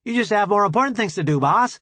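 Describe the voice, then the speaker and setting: A man's voice: sits high, lively intonation, fast, sharp tone, no room sound, pitched above the performer's own voice, heavily acted. A man voicing an eager, deferential crewman in an audiobook.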